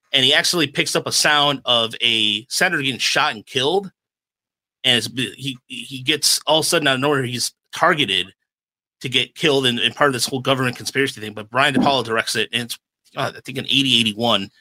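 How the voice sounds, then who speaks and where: A man's voice: medium pitch, sharp tone, dry recording, poor audio. A man hosting a podcast in casual chat, telling stories and giving firm opinions. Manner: chatty storyteller, opinionated. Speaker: podcast host.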